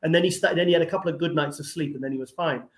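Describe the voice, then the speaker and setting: A man chatting quickly with a slightly raised pitch. He rambles through his stories and keeps restarting his sentences. His voice echoes around the room. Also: steady tone. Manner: rapid, rambling, lots of "I mean" restarts. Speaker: guest, tour organizer. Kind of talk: casual storytelling chat.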